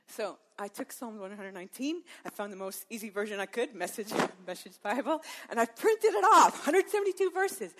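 A middle-aged woman with a somewhat high voice shares a faith testimony in a sermon-like talk. She tells it as a lively story, acts out what she thought and said, and laughs often. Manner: lively storyteller who acts out her own inner dialogue and laughs often. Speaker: Christian women's speaker.

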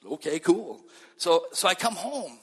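Canadian guy preaching his testimony, husky voice, acts out all the dialogue, long echo of a big hall. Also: high voice, a little slow. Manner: storytelling, acts out dialogue, animated. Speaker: speaker giving a testimony. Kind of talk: sermon-style personal testimony. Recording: long reverb of a large hall.

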